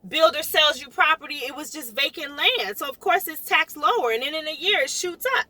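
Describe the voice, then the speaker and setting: A middle-aged woman realtor from South Florida, ranting in a vlog with emphatic, animated delivery and repeating lines for emphasis. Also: high voice, fairly quick. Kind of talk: impassioned vlog rant.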